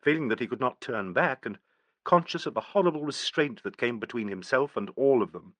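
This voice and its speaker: A man narrating an audiobook in a steady, even storytelling manner. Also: medium pitch, brisk, no echo. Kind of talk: scripted narration.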